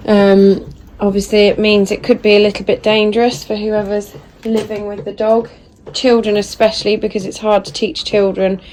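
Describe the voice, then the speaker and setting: A woman, a dog trainer, explaining hand feeding while filming on a phone held in her hand and softly praising her puppy. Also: mid-range voice, level tone, moderate pace, few pauses. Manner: soft murmured praise to the puppy. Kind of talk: casual instructional talk.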